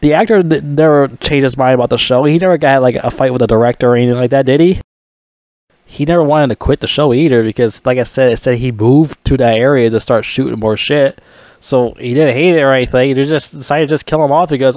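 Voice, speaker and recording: A man's voice: medium pitch, fast talker, darkish tone, dry recording. A man ranting angrily about a TV show, swearing often, sighing, and stumbling over restarts as he vents. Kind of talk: angry profane rant.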